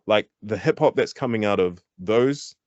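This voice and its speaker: Male hip-hop artist guest, animated and emphatic, laughs as he argues, muffled dry sound. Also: fairly low pitch, moderate pace, no echo. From New Zealand. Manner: animated, emphatic, laughs while making points. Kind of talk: candid interview talk.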